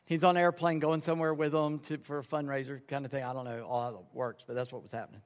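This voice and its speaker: A man's voice: mid-range voice, fairly even intonation, fast. Folksy preacher man in a reverberant hall. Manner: folksy storytelling, acts out dialogue in quoted voices. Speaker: pastor. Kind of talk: sermon. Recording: reverberant sanctuary sound.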